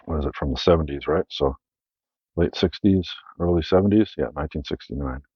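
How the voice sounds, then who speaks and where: A man's voice: a bass voice, fairly quick, slightly rough, dry recording, dull audio. A Canadian man hosting his own channel, casually rambling through his film collection with many fillers and self-corrections.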